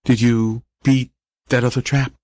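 A man reading the part of a frail, dying young boy who speaks in soft, halting whispers. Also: mid-range voice, level tone, no echo, close to an everyday voice. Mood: weak, tender. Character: dying young boy, weak, brave, faintly cocky.

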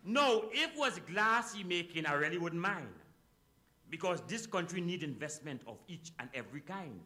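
A Trinidadian man half-sings a rhymed comic tale in a rhythmic, sing-song style. His voice is high and very bright. It leaps all over his range. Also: animated, normal speed. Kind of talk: rhymed comic calypso recitation.

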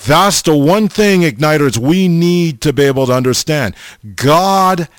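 A man preaching an informal sermon, slow and halting, often pausing and restarting as he addresses his listeners. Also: fairly high pitch, animated, clear, resonant tone, dry recording. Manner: slow, halting, repeats the audience name often.

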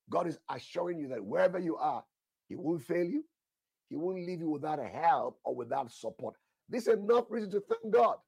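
Gravelly emphatic male preacher. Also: a little high, expressive, fairly quick, a little mellow, no echo, clean studio sound. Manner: emphatic, repeats phrases, asks the listeners questions. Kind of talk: sermon with prayer and tongues.

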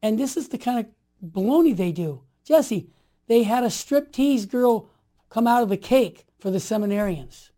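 A man in his sixties telling stories in conversation, emphatic and animated, dropping to quiet asides and rising to forceful exhortations. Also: high-pitched, moderate pace. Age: 60s. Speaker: guest. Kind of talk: storytelling in conversation.

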